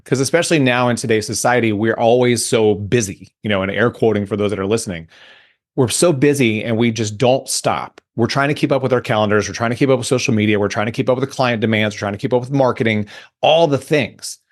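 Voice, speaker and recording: Man coaching in a lively chat. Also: mid-range voice. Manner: animated storytelling, acts out inner thoughts. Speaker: guest, emotional intelligence coach. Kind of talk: casual interview chat.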